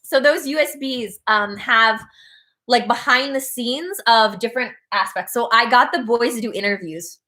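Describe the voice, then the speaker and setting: A woman's voice: fairly high pitch, moderate pace, pushed and bright. A woman hosting a casual birthday livestream, chatty and giggly, telling stories with plenty of fillers.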